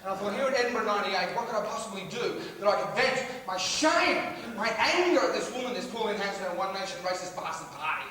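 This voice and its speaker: A man's voice: sits high, expressive, fast talker, few pauses, bright, forceful tone. Brash profane Australian man in a hall. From Australia, Queensland. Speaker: stand-up comedian. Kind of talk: live stand-up comedy rant. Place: large music hall on stage. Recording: echoey hall, distant, crowd audible.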